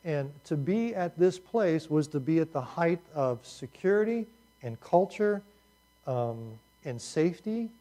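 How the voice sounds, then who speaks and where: A man's voice: a little high, expressive, unhurried, mellow. A man teaching a class in a conversational lecture, talking casually with asides to his students.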